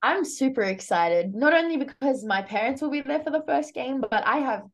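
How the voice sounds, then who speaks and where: A young woman with an Australian accent, a college softball pitcher chatting casually and upbeat as a guest in an interview. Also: lively intonation, moderate pace. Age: young adult.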